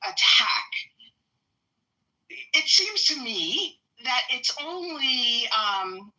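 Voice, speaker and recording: A woman's voice: sits high, big pitch swings, very slow, bright, forceful tone, poor audio. A woman panelist asking earnest, probing questions in a debate.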